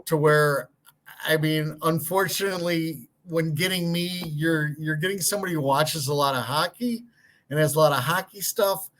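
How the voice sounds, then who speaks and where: A man co-hosting a hockey podcast, talking casually in halting, self-deprecating bursts and often repeating words. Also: fairly high pitch, a bit bright, a little hiss or hum. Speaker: podcast co-host. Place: hotel room.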